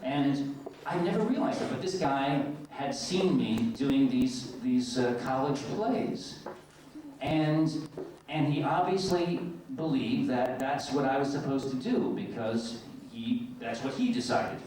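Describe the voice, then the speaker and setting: A middle-aged man from the United States, an actor telling stories on stage as a convention guest, lively and self-mocking. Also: medium pitch, slow pace, background noise. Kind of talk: on-stage storytelling. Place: large convention hall. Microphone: distant camcorder in audience. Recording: echoey hall from far off, faint ambience.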